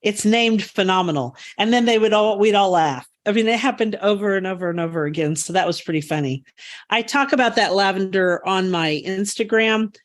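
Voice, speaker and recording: A woman's voice: medium pitch, fairly quick. Woman, podcast co-host, enthusiastic and rambling, mid-range voice. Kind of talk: casual chat.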